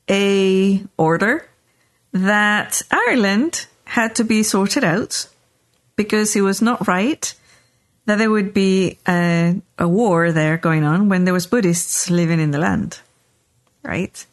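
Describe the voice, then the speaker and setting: A woman podcast host telling a story in casual chat, animated, often checking in with "right?". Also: medium pitch, slow pace.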